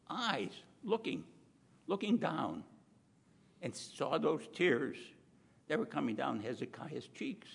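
A man with a somewhat high, gravelly voice preaches a sermon, heard with a long hall reverb. He talks in a conversational, emphatic way, dropping in asides to the listeners and slowing down to lean on key words. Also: sing-song.

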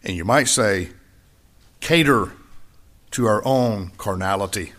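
A man preaching a sermon, repeating key phrases and swinging between loud high emphasis and quiet low asides. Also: lively intonation, slow. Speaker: pastor.

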